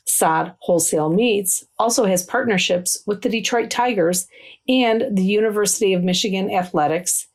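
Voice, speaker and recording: A woman food writer reading a scripted news story in a steady, even manner. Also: on the low side.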